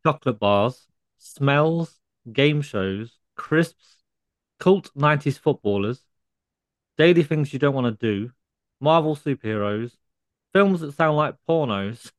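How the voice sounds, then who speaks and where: A man co-hosting a casual comedy podcast, delivering mock-scolding deadpan rants. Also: mid-range voice, slow pace, long pauses. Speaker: podcast co-host.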